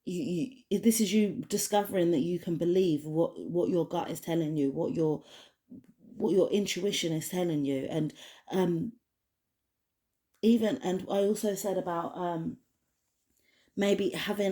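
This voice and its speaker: A woman's voice: on the low side, unhurried, mellow. A woman giving a casual spoken oracle card reading, rambling with many restarts and fillers. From United Kingdom. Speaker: tarot card reader.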